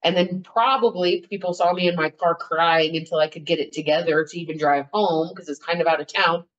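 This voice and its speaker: A woman's voice: on the low side, fairly quick. A woman telling her personal story as a podcast guest, in an earnest, rambling way. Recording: dull, lo-fi audio.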